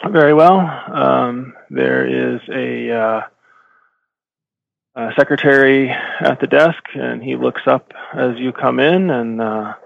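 Halting, gravelly game master man. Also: mid-range voice, no echo. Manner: halting, many fillers and self-corrections. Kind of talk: narrating a tabletop game. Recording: slightly dull lo-fi sound.

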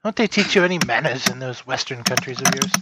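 A man's voice: medium pitch, expressive, fast talker, very noisy, close to an everyday voice. A man voicing Zelda, a prim woman traveler with an indignant, scolding manner.

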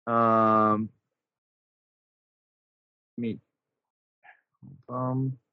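A man narrating as game master of a tabletop game over an online call, measured and hesitant, with frequent ums. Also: mid-range voice, little pitch movement, clean tone, no echo, phone-quality sound.

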